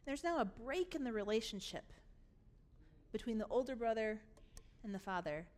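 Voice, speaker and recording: A woman pastor preaching a sermon. She tells the story in an animated way and acts out its scenes. Her voice sits high, and her pitch moves a lot. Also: moderate pace.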